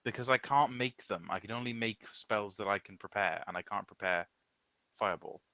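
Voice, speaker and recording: A man's voice: fairly low pitch, moderate pace, bright, forceful tone, no echo. A man playing in a tabletop game, thinking aloud as he reads spell rules and weighs his options. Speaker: player. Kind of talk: casual tabletop game chat.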